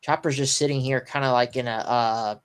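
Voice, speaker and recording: A sleepy, yawning man doing a casual live read-through and reaction, pausing often with ums and restarts. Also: medium pitch, fairly even intonation, smooth. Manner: halting, stops often with ums and restarts while reading. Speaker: live manga reaction streamer.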